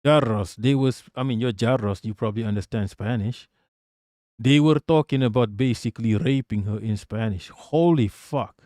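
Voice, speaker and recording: A man's voice: medium pitch, moderate pace, mellow, no room sound, clean studio sound. Blunt, profane male streamer. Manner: blunt, profane, repeats himself when worked up. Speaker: streamer reacting to a clip. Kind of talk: live-stream commentary.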